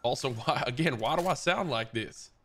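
A young man streaming a game, talking fast and excitably while joking with a friend. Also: mid-range voice. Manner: excitable, rapid-fire, joking. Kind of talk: casual gaming chat.

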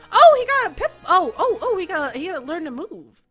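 A young woman gamer with a very high, bright voice, narrating her play. Her pitch leaps around in lively swings, she giggles a lot, and she jumps from squealing outbursts to low mumbling. Game music plays faintly behind her. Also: moderate pace. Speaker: gaming YouTuber. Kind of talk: excited let's-play commentary.

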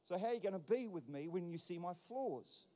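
A man's voice: high-pitched, expressive, a little fast, mellow. A man pastor preaching a sermon, emphatic and repetitive, building points through wordplay. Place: church hall. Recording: long church hall reverb.

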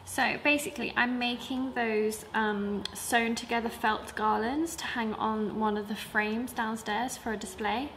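A woman's voice: on the high side, fairly even intonation, measured pace, few pauses, music in the background. A young woman who runs a sewing school, chatting casually to camera about her week. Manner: chatty, with many fillers. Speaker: sewing school owner and teacher. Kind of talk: casual vlog chat.

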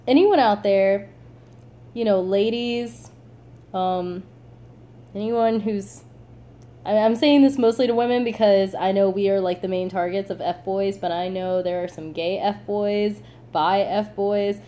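A woman in her late teens, vlogging casually and telling a story in a chatty, animated way, full of "like" and laughter. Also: mid-range voice.

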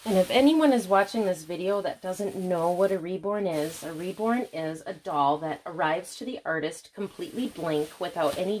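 A woman's voice: lowish voice, slight background noise. Gushing Midwestern woman unboxing at home. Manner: gushing, gasps with excitement. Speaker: vlogger. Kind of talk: unboxing vlog. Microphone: camera on tripod.

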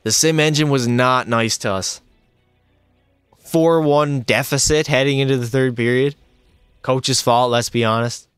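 A young man streaming a hockey video game, giving excitable, frustrated play-by-play and talking to his chat. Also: mid-range voice, unhurried, clear, resonant tone, no echo, faint music behind. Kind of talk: live gameplay commentary.

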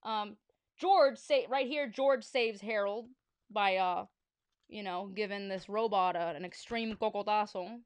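A woman's voice: mid-range voice, unhurried, smooth, no echo. Playful woman reading a storybook aloud. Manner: playful, chatty asides between reading. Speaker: children's book reader. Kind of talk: reading a children's book aloud on a livestream.

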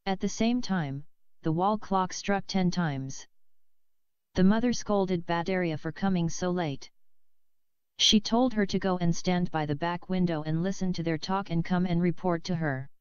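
A woman reading a novel aloud in a measured, steady way, close to the mic, on a slightly dull lo-fi recording. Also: on the low side, clean tone, dry recording. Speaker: audiobook reader.

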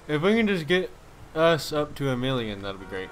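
A young man giving casual gaming commentary, swearing freely, laughing and reacting loudly to the game. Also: a little high, sing-song, moderate pace, slight background noise. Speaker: gameplay commentator.

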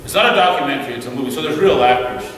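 A man from Mexico giving a lively storytelling talk to a church audience, acting out the voices in his anecdotes and often restarting his sentences. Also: medium pitch, racing. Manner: animated storyteller who acts out quoted dialogue, many restarts. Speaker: guest speaker. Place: church hall. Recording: echoey hall, distant mic, faint hiss.

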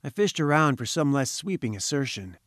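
A man reading first-person audiobook narration in a measured, wry manner. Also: mid-range voice, very animated, fairly bright tone, dry recording, studio quality. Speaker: audiobook reader.

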